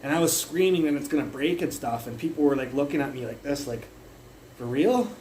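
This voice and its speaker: A young man speaking casually into a phone on a livestream. His story tumbles out in loose, profane bursts at an ordinary middle pitch. A faint background hum sits under his voice. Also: quick pace, rough recording. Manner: rambling, profane, animated retelling.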